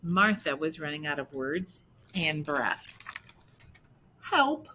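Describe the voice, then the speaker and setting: Slow, bright-voiced woman reading a picture book. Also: sits low, slight background noise, poor audio. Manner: slow, explaining asides. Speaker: storybook reader.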